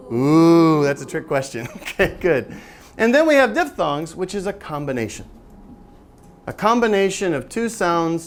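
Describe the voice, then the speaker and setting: A man teaches a room of listeners in a phonics seminar, his pitch rising and falling in a lively way. He keeps asking them questions and sounds out letters slowly and deliberately. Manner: quizzing the audience with call-and-response questions; models sounds slowly and carefully. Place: seminar room with a live audience.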